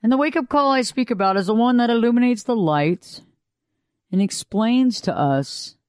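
A woman with a lower voice than she'd like, giving an unhurried, reflective motivational talk that repeats phrases and asks the listener questions. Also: lively intonation, smooth, no echo, clean studio sound. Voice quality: lower voice than she wished for. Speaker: motivational speaker.

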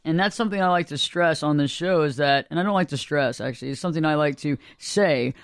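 A man with a notably high voice hosts a spiritual talk show, speaking earnestly and looping back over his points. The sound is close and dry, with no room around it. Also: quick pace, no echo. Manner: earnest, rambling, repeats himself.

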